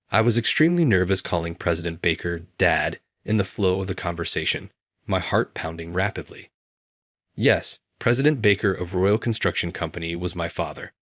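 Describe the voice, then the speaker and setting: A man narrating a first-person story in a measured scripted reading. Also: deep voice, a bit bright, no room sound, clean studio sound.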